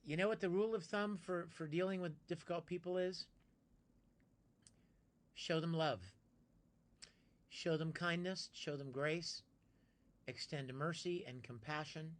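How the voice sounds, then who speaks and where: A man chatting casually with his live-stream viewers, playfully greeting each one by name with bursts of excitement. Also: fairly high pitch, measured pace, long pauses.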